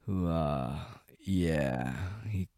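A man's voice: very deep voice, drawn-out words, mellow, no room sound, clean studio sound. A man giving a casual, rambling, profane rant as an online commentator. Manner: profane, rambling, heavy on "like" and "dude".

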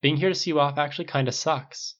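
A man's voice: fairly high pitch, fairly even intonation, fast, a bit bright, voice pushed up, natural voice. A man voicing a commanding female executive, firm and raised. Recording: dull lo-fi recording.

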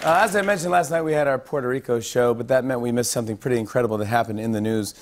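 Late-night host, male, mid-pitched, snappy joke delivery; audience laughter and room noise in the background. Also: very fast, crowd noise. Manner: punchy joke delivery with playful emphasis. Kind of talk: comedy monologue. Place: television studio with live audience.

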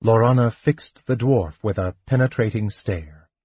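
A man narrating a fantasy audiobook in a slow, measured way. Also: fairly low pitch, a little mellow, breathy edge, dry recording, highs cut off. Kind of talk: scripted narration.

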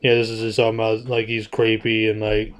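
A young man in casual chat, reading a text aloud haltingly and breaking into laughter. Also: lowish voice, completely flat delivery.

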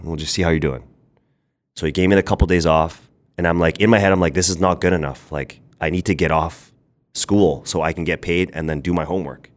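A man, a podcast guest, candidly telling a personal story in a rambling way, full of fillers. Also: deep voice.

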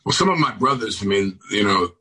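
A man on a video call from home, chatting as a talk show guest, halting and restarting often, with dry sardonic humor. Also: fairly low pitch, expressive, pushed and bright, slightly rough, rough recording. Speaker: celebrity guest. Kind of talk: casual interview chat. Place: home on Long Island.

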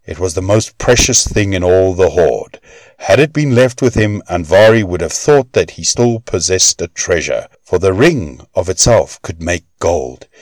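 A man reading old Norse myths aloud as a storybook narrator in a measured, expressive way. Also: low-pitched, dry recording.

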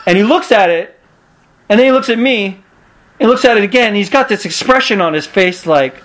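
Give me a man with a slightly high voice, telling lively backstage stories as a podcast guest. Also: a little fast, slight background noise. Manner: acts out quotes with loud shouts and shifts. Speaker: podcast guest, pro wrestler. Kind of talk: animated storytelling.

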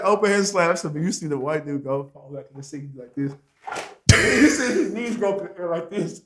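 A young man in casual chat, telling a long story in a rambling, profane, slang-filled way with many fillers, and laughing loudly at the funny parts. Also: high voice.

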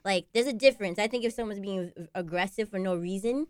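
A woman's voice: mid-range voice, fast, clean tone, no echo. A woman in her late twenties speaking earnestly and emphatically in a casual podcast chat. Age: 20s. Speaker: discussion participant.

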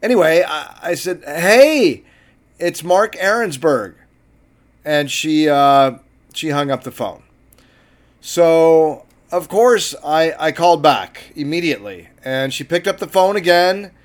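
Guy doing his podcast, kinda higher voice, swears a lot, wry and casual. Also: measured pace. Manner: profane, wry and self-deprecating. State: sober. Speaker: podcast host and taxi driver. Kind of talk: casual monologue and recorded chat with a passenger.

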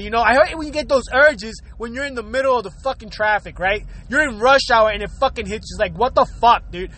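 A show host rants from his car in traffic, a profane comedic tirade full of swearing, laughter and rhetorical questions. His man's voice sits high and is a bit bright.

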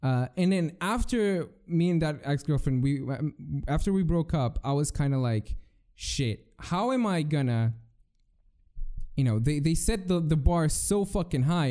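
A man's voice: mid-range voice, expressive, moderate pace, mellow, clear, resonant tone. A young man hosting a solo podcast, telling rambling, profane stories with many restarts. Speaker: podcast host. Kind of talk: casual solo podcast rant.

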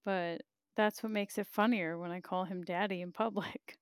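A woman's voice: medium pitch, steady tone, normal speed, clean tone, dry recording, studio quality. A woman hosting a podcast live, chatting casually and candidly, reading viewer comments with frequent laughs and profanity. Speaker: podcast host.

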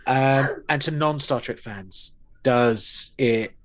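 Casting: male podcast co-host, rambling and wry, mid pitch. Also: slow, a bit bright, a little hiss or hum. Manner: rambling, wry, with many fillers and restarts. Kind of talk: casual chat reviewing an episode.

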